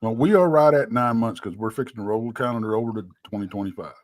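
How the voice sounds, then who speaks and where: A man's voice: fairly low pitch, fast, a little mellow, no echo. A middle-aged man, co-hosting a live talk show and telling folksy stories with laughs. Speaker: co-host. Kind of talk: casual storytelling chat.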